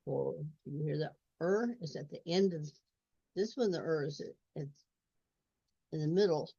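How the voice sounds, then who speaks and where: A woman's voice: low voice, moderate pace, creaky, warm tone, husky, dry recording. A woman tutoring reading in a step-by-step walkthrough, repeating sounds and words. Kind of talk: instructional screen walkthrough. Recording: dull lo-fi recording.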